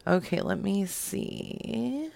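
A woman's voice: mid-range voice, sing-song, drawn-out words, creaky, darkish tone. A woman chatting casually on a stream, giggling a lot and slipping into whispered asides. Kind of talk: casual chat.

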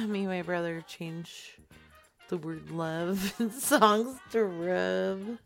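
A woman talks through her prank calls in a casual vlog, keeping an unhurried pace. Her asides are wry and playful, with faint music behind her. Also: mid-range voice, vocal fry. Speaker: prank caller.

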